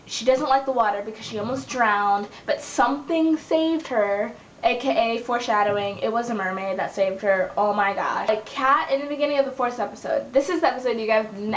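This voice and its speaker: A young woman recapping her web series in a casual, chatty vlog, acting out the characters' lines as she goes. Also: mid-range voice. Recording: echoey room, dull lo-fi sound, faint hiss.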